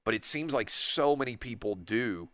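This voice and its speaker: A man hosting a radio talk show, talking in a rambling, animated way and acting out imagined conversations. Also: mid-range voice, moderate pace, no echo. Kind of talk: opinionated radio monologue. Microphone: studio microphone.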